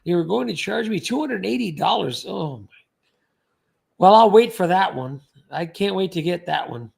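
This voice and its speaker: A man with a rather high voice and a gravelly, creaky edge hosts a casual livestream. He rambles from one viewer comment to the next, joking along the way and thanking each person by name. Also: expressive, normal speed, darkish tone.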